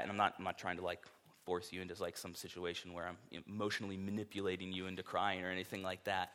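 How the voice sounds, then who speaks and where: A man's voice: deep voice, very fast, sharp tone. A man preaching a sermon, reading scripture and then talking in a casual, earnest way with filler words. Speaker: pastor.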